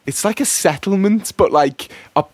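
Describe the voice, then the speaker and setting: Young guy rambling through a story on radio, voice a bit high, dry close mic. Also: normal speed, dry recording. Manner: rambling, laughing, lots of fillers. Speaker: co-presenter. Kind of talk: casual storytelling chat. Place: radio studio.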